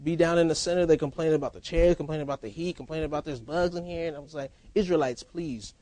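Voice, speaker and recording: A man preaching a sermon as pastor, in a lively, conversational style with casual banter. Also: a little high, quick pace. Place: church.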